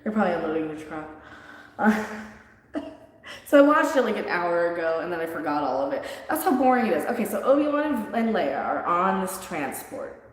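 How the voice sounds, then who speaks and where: A woman chatting casually on a live stream, animated and rambling, laughing often and restarting her sentences. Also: fairly low pitch, fairly quick. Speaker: streamer reviewing a show. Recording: very echoey room with long reverb.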